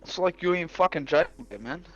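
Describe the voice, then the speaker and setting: A man's voice: a little high, animated, fairly quick, fairly bright tone, lo-fi sound, soft background music. A young Australian man streaming, telling a blunt, profanity-heavy story about his work day. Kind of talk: casual storytelling.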